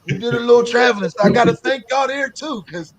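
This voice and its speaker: A man's voice: very high voice, fast, a loud crowd. A middle-aged man from Pittsburgh, a former student, telling stories in casual chat and laughing often. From Pittsburgh, USA.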